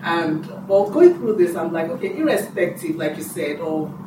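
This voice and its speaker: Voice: mid-range voice, normal speed. Distant attendee asking a question in a roomy hall. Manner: storytelling, animated when quoting others. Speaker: class participant asking a question. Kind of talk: personal question in a group. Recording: roomy, distant from mic, noisy.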